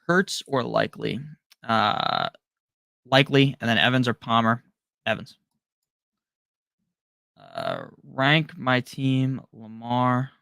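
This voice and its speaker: A man hosting a live stream, casually reading out viewer questions and firing back quick, offhand answers with slang. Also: medium pitch, steady tone, vocal fry, bright, forceful tone, clear, resonant tone, no room sound, studio quality. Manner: rapid-fire, offhand answers with slang and the odd curse. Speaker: fantasy football live-stream host.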